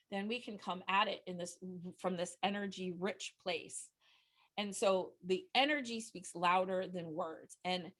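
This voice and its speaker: A middle-aged woman giving a webinar presentation into a close microphone, earnest and chatty, often restarting her sentences and jumping up in pitch when excited. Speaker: nonprofit communication trainer.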